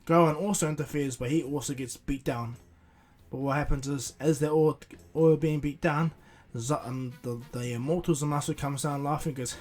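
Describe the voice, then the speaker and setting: A man's voice: a little high, steady tone, normal speed, darkish tone, soft background music. A man narrating a fan-made cartoon story casually, rambling with many restarts. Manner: rambling, filler-heavy with restarts and chuckles. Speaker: YouTuber storyteller.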